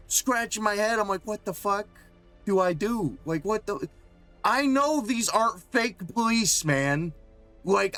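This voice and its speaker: A man with a slightly higher voice tells a long, meandering story on his stream, swearing freely and leaning on filler words. Faint music runs under his talk. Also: a bit bright. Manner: rambling, profane, lots of fillers. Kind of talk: casual storytelling on a game stream.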